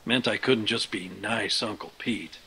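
An actor playing a gruff, grizzled uncle who leads a band of survivors in a game, blunt and commanding. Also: male voice, on the low side, unhurried, pushed and bright, full character voice, poor audio. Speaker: video game character. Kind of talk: game dialogue.

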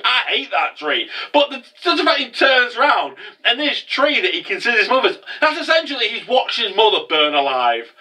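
Animated man rambling. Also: extremely high pitch, measured pace, hardly any pauses, far from the mic, low-quality recording. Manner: animated, rambling, many restarts. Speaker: anime reviewer. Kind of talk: casual episode review.

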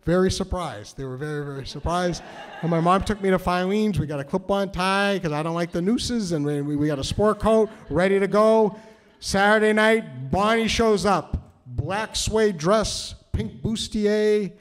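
A man from New Hampshire telling a story on stage, nervous and halting, with many restarts. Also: high-pitched. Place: cultural center hall, live audience.

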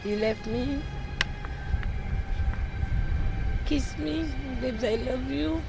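A woman's voice: high voice, unhurried, vocal fry, heavy background noise. A woman with a Saint Lucian accent recounting a farewell in strained speech. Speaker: interviewee. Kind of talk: emotional testimony.

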